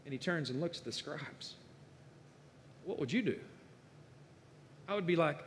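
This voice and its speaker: A man preaching a sermon in a conversational way, building to emphatic bursts and then dropping low and quiet. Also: animated, a little slow, pauses often, a little hiss or hum. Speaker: guest preacher. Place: church sanctuary. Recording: church hall reverb.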